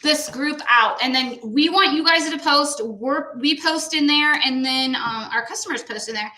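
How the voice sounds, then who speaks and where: A middle-aged woman co-hosts a painting livestream, chatty and upbeat, and she often exclaims to viewers as she works. Her voice is bright and sits a little high. The room around her is echoey. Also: moderate pace, slight background noise. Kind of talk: casual livestream chat while painting.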